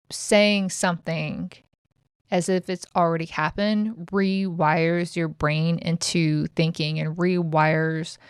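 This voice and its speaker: Chatty, blunt woman with a low voice. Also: clear, resonant tone, no room sound, studio quality. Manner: chatty, blunt, swears freely. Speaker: podcast host. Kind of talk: casual self-help monologue.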